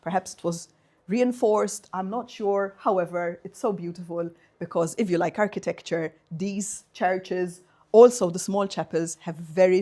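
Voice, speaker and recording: Lively woman teaching phrases. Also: mid-range voice. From Malta. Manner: playful, drilling the audience in phrases. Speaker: guest speaker. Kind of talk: university seminar talk.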